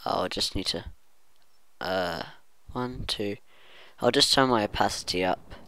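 Slow, low-voiced man narrating gameplay. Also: pushed and bright, dry recording. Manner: rambling self-talk, hums and muses aloud. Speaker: gaming channel host. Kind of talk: let's play commentary.

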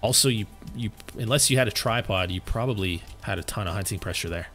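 A man with a fairly low voice talks through a live game stream, chatty and a little tired. He answers questions from his viewers between shots. Faint game music plays softly behind him. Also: fast. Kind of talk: live gameplay commentary.

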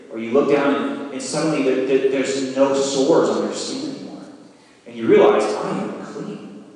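A man giving a sermon, walking his listeners through imagined scenes with vivid storytelling. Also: medium pitch. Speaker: preacher. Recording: roomy hall, mic from far off.

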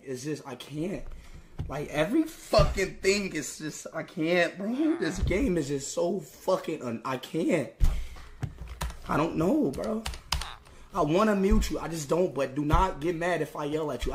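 A man's voice: on the high side, a bit bright, slight background noise. Young man ranting mid-game on stream. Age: young adult. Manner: frustrated ranting with heavy swearing and stammered restarts. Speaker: livestreamer. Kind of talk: live gameplay commentary.

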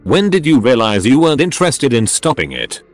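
A man's voice: fairly low pitch, very animated, measured pace. A synthetic male voice reading the part of an angry, hurt young woman confronting her father. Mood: bitter.

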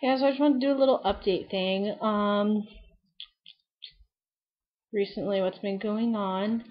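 A young woman of about nineteen rambles cheerfully to her webcam, scattering likes and ums through every sentence. Her voice sits at an ordinary middle pitch. The audio is a bit dull and lo-fi, like a built-in camera mic. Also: steady tone, a little slow. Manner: chatty and rambling, heavy use of "like" and "um". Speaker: beauty vlogger. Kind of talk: casual chat to camera.

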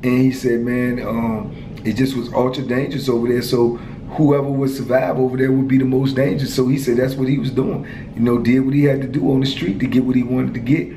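A man's voice: mid-range voice, little pitch movement, a little fast. Man in his 50s telling a story, casual slang, mid voice, roomy echo, light background noise. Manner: laid-back street slang, lots of "you know" and "man". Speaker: storyteller, former prisoner.

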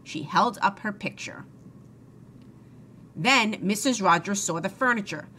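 Expressive female storybook reader for kids; bright, animated delivery. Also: medium pitch, unhurried, a little hiss or hum. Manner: expressive, addresses young listeners. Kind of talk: children's read-aloud.

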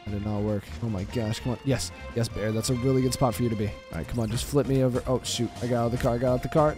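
A young man giving excitable, frustrated commentary while playing a game. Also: medium pitch, quick pace, music in the background. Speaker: gaming video creator.

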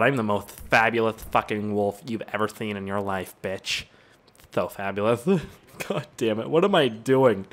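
Rambling, crude young man. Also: mid-range voice. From Canada. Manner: rambling, crude, joking, easily sidetracked. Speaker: gaming channel host. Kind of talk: casual gameplay commentary.

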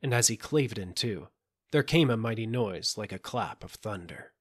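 A man narrating a fairy tale audiobook in a measured, gentle storytelling manner. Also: lowish voice, animated, breathy edge. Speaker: audiobook reader.

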